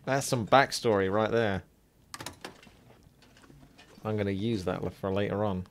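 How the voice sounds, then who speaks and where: A man's voice: on the low side, unhurried, a little hiss or hum. A man streaming a game live, chatting casually with rambling asides and a slight sore throat. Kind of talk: live gameplay commentary.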